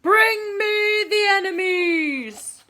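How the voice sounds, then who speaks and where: A woman voicing a wise, commanding male great white tiger in a children's storybook, speaking slowly, loudly and solemnly. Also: a little high, lively intonation. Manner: slow, loud, solemn commands.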